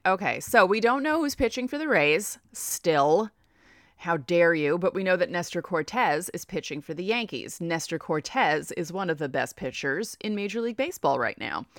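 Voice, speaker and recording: A woman's voice: fairly low pitch, no room sound, clean studio sound. A woman with a New York accent giving a casual baseball preview, reading off stats and talking to herself as she checks lineups. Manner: chatty, reads off stats, talks to herself. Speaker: baseball podcaster. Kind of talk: casual sports preview talk.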